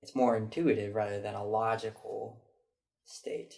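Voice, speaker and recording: Guy talking to camera, gravelly fry in his voice, chatty and thoughtful. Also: lowish voice, flat delivery, a little slow, a little mellow. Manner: chatty, reflective, mimics people he met. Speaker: vlogger. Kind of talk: casual storytelling monologue.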